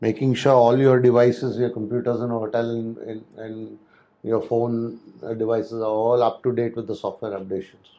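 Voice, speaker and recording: A man's voice: mid-range voice, level tone, moderate pace, warm tone, lo-fi sound. A man giving a spoken lecture on hotel safety and security, talking loosely with frequent restarts and fillers. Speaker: hospitality security instructor.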